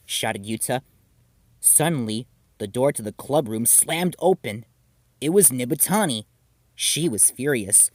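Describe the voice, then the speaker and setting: A man narrating a story in an animated storytelling manner. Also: mid-range voice, normal speed, no room sound, studio quality.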